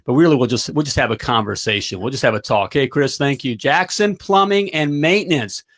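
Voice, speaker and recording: A middle-aged man hosting a live talk show, giving an energetic pep talk and checking in often with "all right?". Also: medium pitch, brisk. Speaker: talk show host and plumbing business coach.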